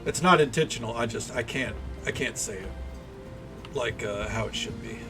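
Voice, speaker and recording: A man's voice: medium pitch, moderate pace, music in the background. A man, chatting casually and rambling while he streams a game. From American South. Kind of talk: casual livestream commentary.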